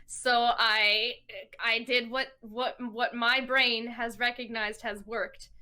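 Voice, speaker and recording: A woman playing a tabletop game, talking in a halting, self-deprecating way and stumbling over her numbers. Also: fairly high pitch, flat delivery, sharp tone. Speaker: player. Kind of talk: casual tabletop game play.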